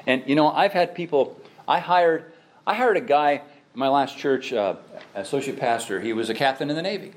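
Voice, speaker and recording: A man's voice: medium pitch, normal speed. A middle-aged man, a pastor, preaching a sermon with emphatic exhortation and self-deprecating asides.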